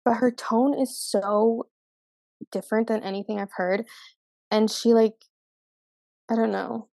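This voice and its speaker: A woman's voice: on the high side, fairly even intonation, measured pace, gravelly, mellow, dry recording. A young woman in her twenties co-hosting a podcast, chatting casually, gushing and laughing often. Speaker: podcast co-host. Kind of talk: casual chat.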